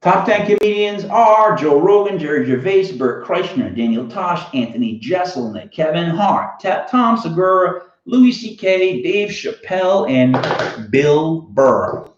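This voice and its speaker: A man with a Boston accent rambles through a story as a show host, his pitch swinging up and down with animation. He interrupts himself often and keeps it casual. The recording is roomy and a little dull and lo-fi. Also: animated, a little slow. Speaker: host of a fantasy football show.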